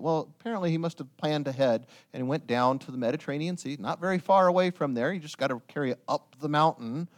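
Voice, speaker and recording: A man preaching a sermon, retelling a story with lively storytelling and joking asides to his listeners. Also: medium pitch, quick pace, few pauses.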